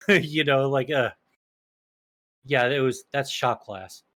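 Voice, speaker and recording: A man's voice: mid-range voice, takes it slowly, a bit bright. A young man co-hosting a casual podcast, telling stories in a rambling, profane way, full of restarts and fillers. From small town. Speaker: podcast co-host.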